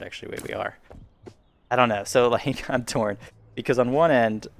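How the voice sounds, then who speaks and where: Gravelly low-voiced man narrating gameplay. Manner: rambling, self-deprecating, chuckles often. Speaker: gaming YouTuber. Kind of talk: casual VR gameplay commentary. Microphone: headset boom mic.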